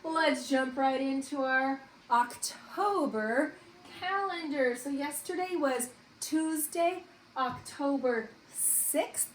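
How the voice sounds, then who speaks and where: A woman teacher leading a distance-learning morning meeting for young children, in a slow, sing-song, encouraging voice. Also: high-pitched. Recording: echoey room with faint hiss.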